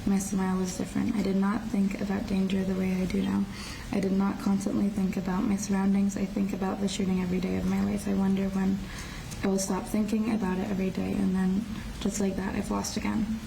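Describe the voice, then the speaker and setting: Flat, gravelly teenage girl in court. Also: mid-range voice. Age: teens. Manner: halting, restarting phrases. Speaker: shooting survivor giving a victim impact statement. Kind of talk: reading a prepared statement aloud. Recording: distant courtroom audio with faint noise.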